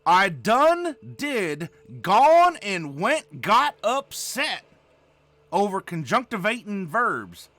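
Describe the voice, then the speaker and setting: A man's voice: sits high, very animated, drawn-out words, sharp tone, dry recording, full character voice. A man putting on a folksy backwoods country bumpkin with an exaggerated Southern US drawl, hammy and full of mangled grammar. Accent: exaggerated Southern US drawl, put on. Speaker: host doing a joke voice. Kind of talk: comic bit in a game-rules discussion.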